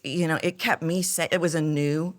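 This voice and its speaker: In a deep voice at normal speed, a Texas-accented woman in middle age shares her story as a voice coach being interviewed. She tells it with energy and plays out the lines she quotes.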